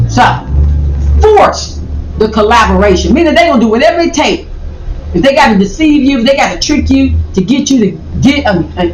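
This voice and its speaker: Reaction commentator: rambling, emphatic, repeats lines for effect; mic set back in an echoey room. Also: mid-range voice. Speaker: video commentator. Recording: roomy, distant mic, faint noise.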